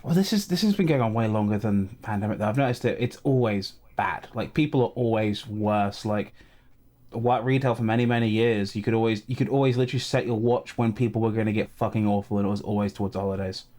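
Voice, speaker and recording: Fast-talking man in blunt podcast chat. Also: on the low side, a little mellow. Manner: blunt, swearing, fillers like "like". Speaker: podcast co-host. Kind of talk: casual chat.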